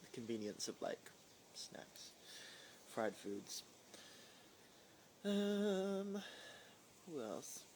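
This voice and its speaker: A man's voice: fairly high pitch, sing-song, extremely slow, pauses often, a little mellow, slight background noise. A man hosting a casual phone livestream from home, rambling and reading viewer comments aloud. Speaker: livestream host. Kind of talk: casual live-stream chat.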